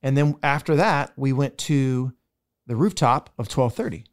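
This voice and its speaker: A man's voice: medium pitch, unhurried. A man co-hosting a podcast, telling his restaurant picks in a casual, chatty way. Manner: chatty storytelling, restaurant reviews. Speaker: podcast host. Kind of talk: casual chat.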